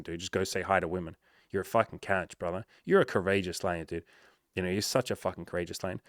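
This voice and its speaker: A man's voice: fairly low pitch, no echo. Blunt, swearing man coaching hard. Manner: swears often, loud bursts of hype, calls listener bro. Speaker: dating coach. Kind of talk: blunt motivational advice to a viewer. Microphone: home microphone. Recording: dry close mic, some noise.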